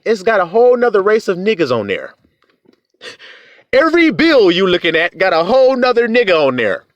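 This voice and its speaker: A man's voice: high voice, no echo, muffled recording. A man preaching a confrontational, profane rant, taunting his listeners and firing off rhetorical questions. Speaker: online preacher.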